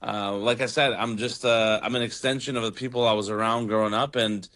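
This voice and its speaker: Young comedian man from Toronto, low voice, relaxed, lots of ums. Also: a little fast. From Toronto, Canada. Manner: relaxed, rambling with fillers. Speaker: comedian guest. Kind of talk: casual radio interview.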